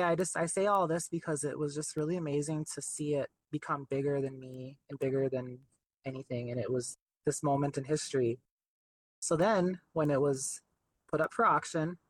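A man's voice: mid-range voice, rough recording. Chatty young man telling a story. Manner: chatty, relaxed, many fillers. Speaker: artist guest. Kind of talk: casual interview.

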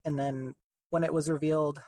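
A man's voice: fairly high pitch, normal speed, no room sound, low-quality recording. Chatty young man telling a story. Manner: chatty, relaxed, many fillers. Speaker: artist guest. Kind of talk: casual interview.

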